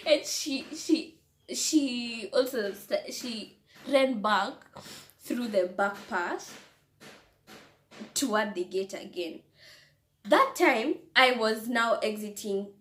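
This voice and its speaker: A young woman vlogger telling a story in an animated, breathless way, laughing often and restarting her sentences. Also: a little high, takes it slowly, pauses often, slight background noise. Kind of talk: storytime vlog. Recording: echoey room.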